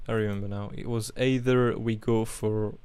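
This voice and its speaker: A man's voice: on the low side, steady tone, moderate pace, darkish tone, clean tone, no room sound. A man with a French accent hosts a live chart analysis, talking casually and thinking aloud, often humming while he works. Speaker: host.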